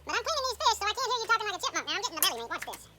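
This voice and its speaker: A man talking in a sped-up, squeaky chipmunk voice, teasing and playful as he banters. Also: very animated, racing. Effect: sped-up high pitch.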